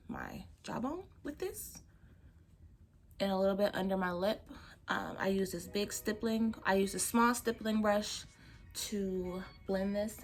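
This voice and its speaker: A young woman vlogger chatting casually while doing her makeup, telling a story with lots of laughter and cursing. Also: medium pitch. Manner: animated, laughing, profane, drawn-out storytelling. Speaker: beauty vlogger.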